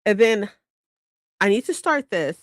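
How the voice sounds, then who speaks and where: A woman's voice: medium pitch, very animated, measured pace, no echo, studio quality. A woman hosting a casual live stream, chatty and bubbly, greeting viewers and laughing often.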